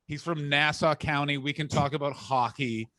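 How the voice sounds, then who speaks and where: Bright animated man chatting on a podcast. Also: fairly high pitch, normal speed, no room sound. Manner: animated, jokey storytelling. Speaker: guest comedian. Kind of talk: casual podcast chat.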